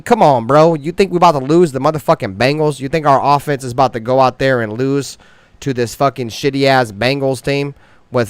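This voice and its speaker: A man hosting a fan sports show, delivering swaggering, heavily profane trash talk in slang that grows loud and high-pitched when he gets worked up. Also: smooth, no room sound.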